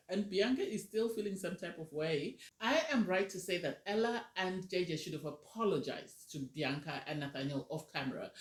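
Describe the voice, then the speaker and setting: A woman casually reviewing a reality TV episode, animated and ranting, often acting out what people said. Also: low voice. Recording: roomy echo.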